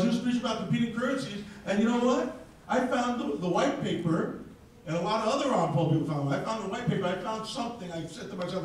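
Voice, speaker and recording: A man's voice: high voice, animated, quick pace, a little hiss or hum. Combative, profane man ranting in an echoey hall. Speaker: speaker at a crypto event. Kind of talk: live speech to an audience. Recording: very echoey, distant mic in a hall.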